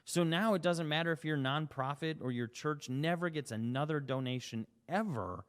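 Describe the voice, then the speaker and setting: Emphatic man pitching in a hall. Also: moderate pace. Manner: emphatic, rhetorical questions, acts out little dialogues. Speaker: company CEO presenting. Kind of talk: sales presentation.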